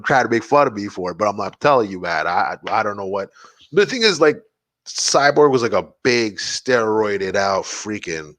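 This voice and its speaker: Low-voiced, rambling podcast host. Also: male voice, animated, normal speed, fairly bright tone, dry recording. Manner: rambling, profane, lots of fillers like "like" and "man". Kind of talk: casual solo podcast chat.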